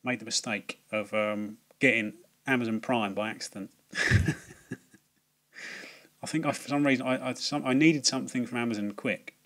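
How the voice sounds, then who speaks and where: A man's voice: medium pitch, fairly even intonation, normal speed, fairly bright tone. A man giving a casual, rambling film review, full of fillers, restarts and swearing.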